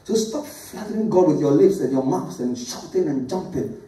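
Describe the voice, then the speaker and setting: A man's voice: a little high, expressive, moderate pace, mellow. A middle-aged man preaching a sermon. He talks emphatically, repeating phrases and calling on the congregation to read verses aloud. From Ghana. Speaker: pastor. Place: church sanctuary. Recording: echoey church from a distant mic.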